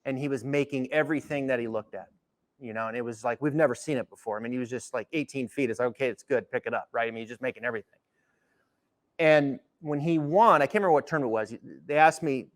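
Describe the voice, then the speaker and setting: A man hosting a golf instruction interview tells an anecdote in a lively, excitable way, peppering it with "I mean" and "you know". His voice sits in a middle range. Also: mid-range voice, quick pace. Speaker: golf instructor and show host. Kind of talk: conversational interview storytelling.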